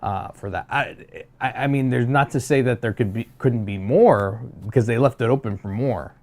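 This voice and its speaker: Gravelly-voiced man chatting casually. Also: medium pitch, normal speed, a little mellow. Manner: upbeat and chatty, with many fillers. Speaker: podcast co-host. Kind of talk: casual chat.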